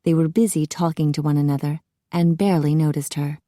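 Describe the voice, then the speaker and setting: A woman narrating a romance audiobook in a measured storytelling manner, on a close studio mic. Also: low voice, fairly even intonation, dark tone, no echo. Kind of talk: scripted narration.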